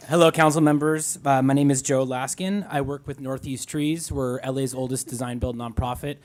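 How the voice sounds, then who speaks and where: A man from a tree-planting nonprofit giving an earnest, slightly halting public comment. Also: medium pitch, steady tone. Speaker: nonprofit worker.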